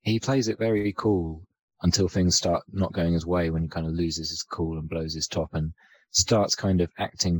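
Male podcast co-host, low voice, loose and rambling, lots of ums. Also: dry recording, rough recording. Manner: rambling, hesitant, many fillers and restarts. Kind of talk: casual film discussion.

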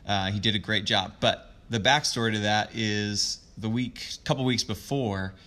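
A man talking as a youth sports coach in an interview, earnest and reflective, telling a story in a soft, thoughtful way. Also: lowish voice, normal speed. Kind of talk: conversational interview.

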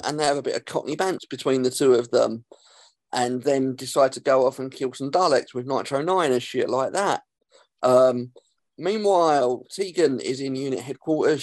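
A man, hosting a podcast and recapping an episode in a casual, sarcastic way, swearing freely and filling pauses with um. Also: medium pitch, a little mellow, dry recording. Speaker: podcast host.

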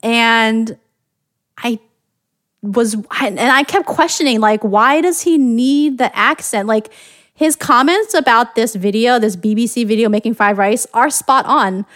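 A woman's voice: a little high, a little slow, fairly bright tone, no room sound, clean studio sound. A woman from the United States hosting a podcast, chatting casually and thinking aloud with frequent restarts. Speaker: podcast host.

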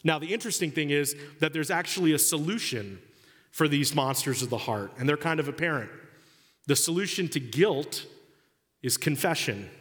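A man's voice: fairly high pitch, lively intonation, normal speed, a bit bright. A man preaching a sermon, acting out little dialogues in comic voices. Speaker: pastor. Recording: long hall reverb.

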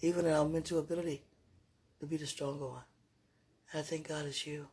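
A woman with a husky, breathy voice speaks tenderly to someone she loves, halting and trailing off into murmurs. Her talk is intimate and prayerful, soft and unguarded. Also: sits low, little pitch movement. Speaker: partner speaking to a loved one. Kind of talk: intimate emotional monologue with prayer.

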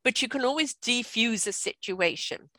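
Bright-voiced British woman in her sixties. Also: a little high, normal speed. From Britain. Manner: lively, chatty, laughs often, asks "right?". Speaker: guest. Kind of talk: casual storytelling conversation.

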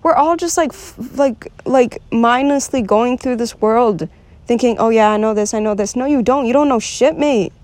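Frustrated young woman venting, high voice. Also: normal speed, darkish tone, no room sound. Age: young adult. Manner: frank, rambling, swears freely, many "like" fillers; frustrated and restless. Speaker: vlogger. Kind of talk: unscripted confessional monologue.

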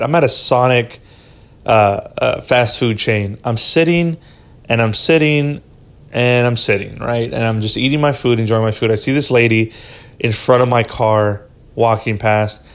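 A man of middling pitch tells a story on his podcast, rambling and unpolished. He swears freely and keeps tossing in "dude" and "right?" as he goes. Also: a bit bright. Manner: profane, rambling, says "dude" and "right?" often. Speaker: podcast host. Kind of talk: casual storytelling.

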